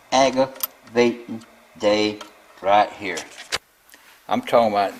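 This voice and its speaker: A man's voice: medium pitch, poor audio. An older man, talking through a tractor build in his machine shop in a rambling, grumbling way. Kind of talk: casual workshop vlog.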